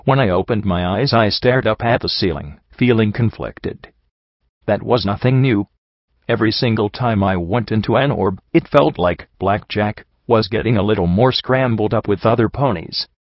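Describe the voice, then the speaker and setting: Guy reading a story out loud, low voice, dry kinda dull recording. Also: normal speed, no room sound. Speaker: audiobook narrator. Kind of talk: fan fiction audiobook reading.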